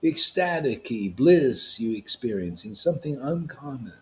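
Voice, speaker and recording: A man preaching to a devotional gathering, emphatic and confrontational, with casual slang, swinging between loud declarations and hushed asides. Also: mid-range voice, expressive, measured pace. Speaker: spiritual teacher at a devotee gathering. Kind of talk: impassioned devotional sermon.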